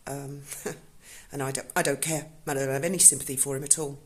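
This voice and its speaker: A woman's voice: a bass voice, fairly even intonation, fairly quick. A woman, telling a personal story in casual speech, emotional and blunt and swearing freely.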